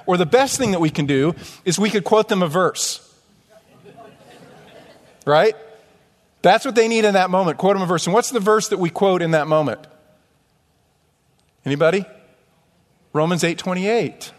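A pastor preaches to his congregation in an animated way, often pausing on rhetorical questions. His man's voice sits a little high. The sound carries a long reverb from the church hall. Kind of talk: sermon. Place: church sanctuary.

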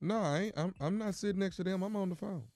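A man's voice: sits high, fast talker, a little mellow, no echo. A man who is a regular on a radio morning show, bantering in a boastful, joking way.

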